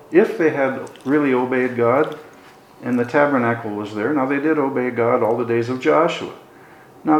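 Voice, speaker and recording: Gravelly man preaching a sermon. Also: mid-range voice, echoey room, a little hiss or hum, low-quality recording. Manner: conversational Bible teaching with folksy asides.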